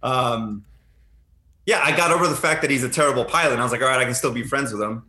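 A man's voice: mid-range voice, fast, reverberant. A man in his thirties, a retired Army helicopter pilot, telling stories in a casual chat and animating the lines he quotes. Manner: animated storyteller who acts out quoted lines.

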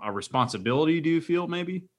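A man co-hosting a podcast, telling stories in a rambling, energetic casual chat. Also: a little high, fast. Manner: rambling, energetic, animated storytelling. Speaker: podcast co-host.

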